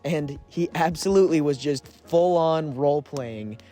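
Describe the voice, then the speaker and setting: A young man co-hosting a podcast, casually telling a story with frequent laughs and quick asides. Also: fairly high pitch, mellow, soft background music. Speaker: podcast co-host. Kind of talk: casual chat.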